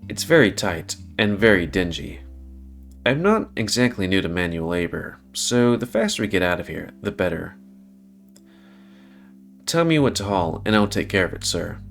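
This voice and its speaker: A man's voice: sits low, sing-song, normal speed, creaky, faint music behind, exaggerated voice. A man voicing a blunt young working man in a visual novel, wry and plain-spoken, close to his own voice.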